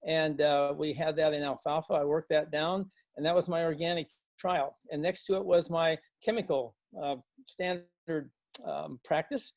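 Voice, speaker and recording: An older man from Montana, an organic farmer telling a story to a club in a folksy way, with many fillers and restarts, lively when he quotes others. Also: a little high, normal speed, no echo.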